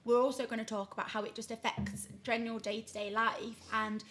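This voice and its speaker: A woman's voice: a little high, level tone, a little fast, a bit bright. A woman in her twenties co-hosting a podcast, chatting casually and filling her talk with "like" and tag questions. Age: 20s. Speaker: podcast co-host. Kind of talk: casual chat. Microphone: podcast microphone.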